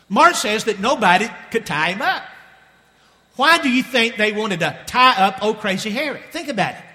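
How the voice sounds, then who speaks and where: A male pastor tells a Bible story to the congregation and keeps asking them questions. His voice is high and sharply bright. A long hall reverb trails after every line. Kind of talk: sermon. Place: church sanctuary with balcony.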